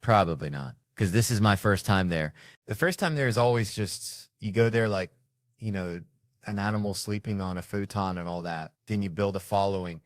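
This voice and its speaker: A man's voice: on the low side, normal speed, dry recording, studio quality. A man, a touring comedian, chatting casually as an interview guest and telling rambling, joking stories. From United States.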